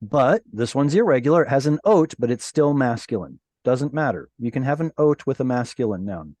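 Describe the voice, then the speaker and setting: A man at middle pitch leads a Hebrew lesson over a video call. He explains patiently and slows down to sound out each Hebrew word. The sound is dry and close, with no room in it. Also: animated, darkish tone, no room sound. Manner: patient, explanatory, pronounces Hebrew words slowly. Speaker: Hebrew teacher. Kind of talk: online class teaching.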